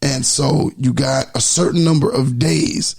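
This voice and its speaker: A man co-hosting a podcast, explaining things in a laid-back, halting way in casual chat. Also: medium pitch, steady tone, gravelly, a little mellow, breathy edge. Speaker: podcast co-host.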